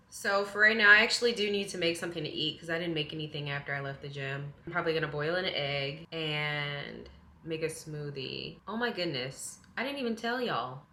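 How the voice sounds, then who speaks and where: A young woman tells a storytime tale in a very bright, sharp voice. She chats animatedly, jumping up high when she gets indignant. Her small apartment kitchen gives the sound a roomy echo. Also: slight background noise. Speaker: vlogger. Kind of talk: casual storytime chat. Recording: echoey room.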